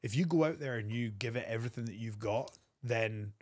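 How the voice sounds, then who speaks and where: A man, a wrestler telling an animated backstage story as a guest on an interview show. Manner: animated storyteller, quick bursts of pitch.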